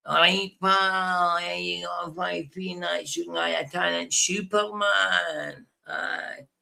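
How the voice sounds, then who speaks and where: A man putting on a drunk Glaswegian man, slurred, high, drawling. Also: steady tone, slow pace, vocal fry, pushed and bright, heavily acted. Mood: boozy.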